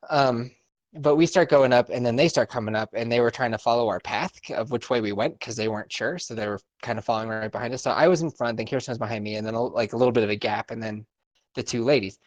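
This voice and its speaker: A man's voice: medium pitch, fast, no echo. A young man co-hosting a podcast, telling a story in casual, profane chat and laughing often. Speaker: podcast co-host.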